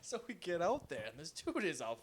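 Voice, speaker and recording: A man's voice: a little high, wildly swooping pitch, brisk, slight background noise. A young man casually telling a caddie story, laughing often and swearing freely as he acts out both sides. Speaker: golf caddie and podcast host.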